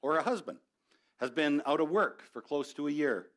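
A man's voice: a little high, expressive, normal speed, a bit bright. A middle-aged man preaching a sermon as a pastor, conversational and building to passionate exhortation.

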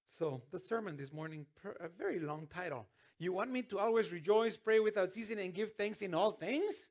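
A man's voice: sits high, normal speed, darkish tone. A man preaching a sermon as pastor, earnest, with restarts and sudden emphatic rises.

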